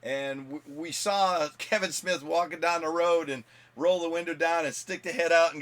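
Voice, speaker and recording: Casual male vlog host, somewhat high voice, loose rambling delivery. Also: normal speed, a bit bright. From United States. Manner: rambling, chatty, with fillers and laughs. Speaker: comic book channel host. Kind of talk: casual video blog chat.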